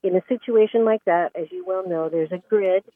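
A woman's voice: lowish voice, a little fast, no room sound. A woman calling in to a radio talk show, telling an earnest, emotional story. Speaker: caller. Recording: tinny phone line, dry.

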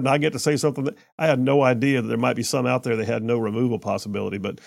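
A man hosting a radio talk show, chatty and quick, with lots of stumbling restarts. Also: medium pitch, steady tone, gravelly, no room sound, clean studio sound. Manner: chatty, stumbling restarts, rushes when he gets going.

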